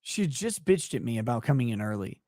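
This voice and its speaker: A man telling a story as a guest in a casual conversation. He talks in an animated, profane way, laughs often, and sounds tired, yawning as he talks. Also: mid-range voice, a little fast, no room sound, clean studio sound. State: tired, yawning while talking. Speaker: podcast guest.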